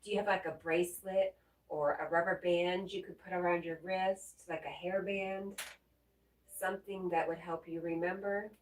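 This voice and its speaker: A woman hosting a livestream, reading viewers' messages aloud and answering them in a gentle, comforting way. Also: lowish voice, flat delivery, moderate pace, slight background noise. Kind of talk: casual livestream chat. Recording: roomy echo, mic at a distance.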